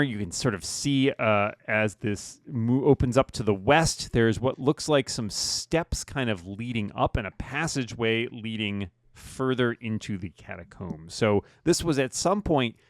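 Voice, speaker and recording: A man's voice: medium pitch, normal speed, hardly any pauses, no echo, studio quality. Chatty man running a tabletop game. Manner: relaxed, chatty, laughs often. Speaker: game master.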